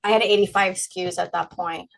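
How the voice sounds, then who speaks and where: A woman's voice: on the low side, fairly even intonation, fast talker, creaky, rough recording. A middle-aged woman being interviewed, talking frankly and animatedly and laughing often. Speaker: guest, brand founder. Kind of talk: candid interview conversation.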